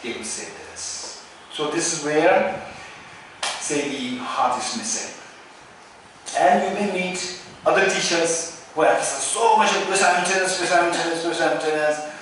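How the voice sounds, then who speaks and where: Tibetan-accented man teaching dharma, lots of repeating and "right?", voice a bit high, very echoey hall. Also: a bit bright. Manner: repetitive, rhetorical questions with "right?". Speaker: Buddhist teacher. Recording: very echoey hall, distant mic, faint noise.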